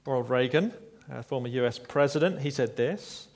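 A man preaching a sermon in a measured, reflective way, with small asides to his listeners. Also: medium pitch, a little mellow.

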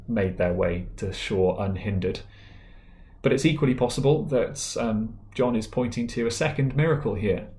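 A man delivering a sermon in a fairly low voice, earnest and plain-spoken, possibly. He stops and restarts now and then, with small fillers between his points. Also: a little mellow. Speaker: preacher.

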